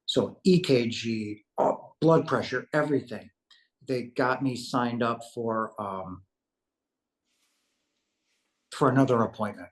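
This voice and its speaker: A man's voice: lowish voice, slow pace, pauses often. Earnest man telling his story. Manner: acts out remembered conversations, earnest and animated. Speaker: interview guest recounting a near-death experience. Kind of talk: casual personal storytelling.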